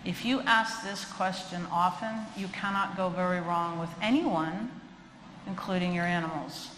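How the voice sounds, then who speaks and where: A woman's voice: lowish voice, a little slow. A middle-aged woman, a dog trainer, giving a lecture with funny stories and acting out quoted voices. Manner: animated, chatty, acts out quoted voices. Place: lecture hall. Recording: echoey hall with faint noise.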